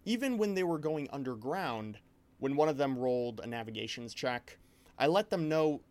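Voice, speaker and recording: Man, casual chat, rambling, restarts a lot, mid-pitched voice. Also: moderate pace. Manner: rambling, animated storytelling with many restarts. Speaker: game master.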